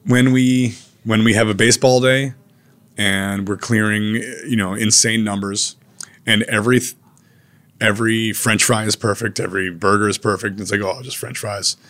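A man's voice: on the low side, fairly even intonation, normal speed, a bit bright. A man, a chef and restaurateur, talking casually in an interview, blunt and laid-back, calling people "man" and "dude" and swearing now and then.

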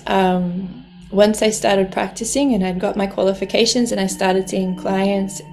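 A woman's voice: mid-range voice, darkish tone. A woman telling a personal story in a heartfelt way, laughing often as she talks. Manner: heartfelt, laughs often, speaks of the ocean lovingly.

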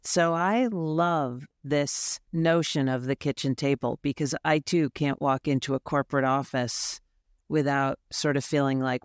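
A man's voice: medium pitch, steady tone, a little slow, no echo, clean studio sound. A man hosting an interview podcast, upbeat and affirming, who asks his guest reflective questions. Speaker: podcast host.

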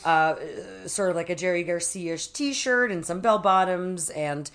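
Animated woman telling a story, full of fillers. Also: on the low side, unhurried. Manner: animated, lots of fillers and restarts, acts out quotes. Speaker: guest author. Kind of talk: casual conversational storytelling.

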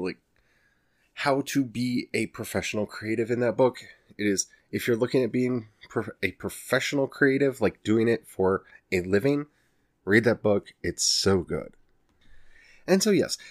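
Recorded with clean studio sound and no echo, a man in his forties from the Ozarks hosts a laid-back solo podcast in an Ozark Southern accent and a mid-range voice. His manner is chatty and self-mocking, punctuated by frequent laughs and restarts.

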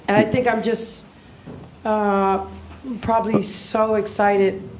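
A woman visiting a church, giving a tearful, halting personal testimony with nervous laughs. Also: medium pitch, flat delivery, crowd noise.

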